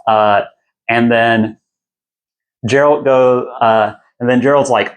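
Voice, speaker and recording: A man's voice: medium pitch, fairly even intonation, slow, pauses often. A young man hosting a podcast, casually retelling a fantasy book in a loose, irreverent, rambling way. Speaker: podcast host.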